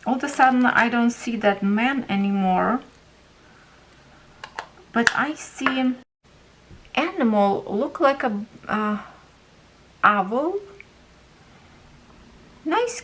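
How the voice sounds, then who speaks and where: A woman from Ukraine with a Ukrainian accent, a craft vlogger casually telling a story while she organizes, pausing often as she searches for words. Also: on the high side, background noise.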